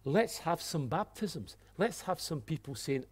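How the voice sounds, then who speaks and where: A man preaching a sermon, swinging from hushed, earnest passages to loud exclamations, with light-hearted asides. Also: fairly high pitch, big pitch swings, measured pace, few pauses, husky. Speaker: pastor.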